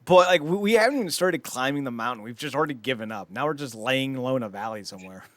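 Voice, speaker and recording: A man co-hosting a wrestling podcast in casual chat, blunt, profane and quick to joke. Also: medium pitch, lively intonation, fairly bright tone, no echo. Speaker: podcast co-host.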